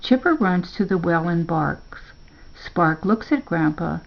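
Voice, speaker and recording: Slow gravelly older woman reading a story. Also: on the low side, lively intonation, lo-fi sound. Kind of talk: reading a children's story aloud.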